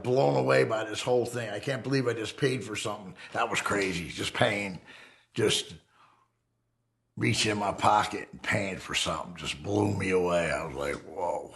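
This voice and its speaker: A middle-aged American ex-convict tells his life story in a fairly low voice with vocal fry. He is casual, profane, and animated, performing the voices of people he quotes.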